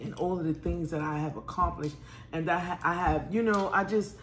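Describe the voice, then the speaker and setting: A woman's voice: fairly low pitch, fairly quick. A middle-aged woman talking candidly about motherhood with her daughter over a meal at home, blunt and swearing freely. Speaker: mother of the host, guest. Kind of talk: casual family chat over a meal. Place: room at home. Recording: roomy echo, faint background noise.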